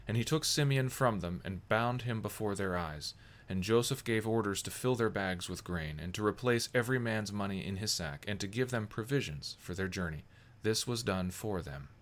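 A man reading scripture aloud in a measured, even narration. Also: lowish voice. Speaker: scripture reader.

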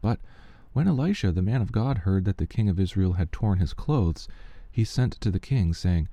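A man reads scripture in a low, deeply dark voice. His delivery is measured and steady, recorded dry and close with no room sound. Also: dry recording. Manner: measured, steady reading pace. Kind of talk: scripture reading.

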